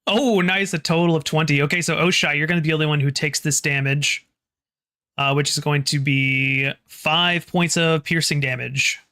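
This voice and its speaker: A game master running a tabletop horror game, halting and restarting phrases while describing the scene and calling for rolls. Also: mid-range voice, fairly even intonation, bright, forceful tone.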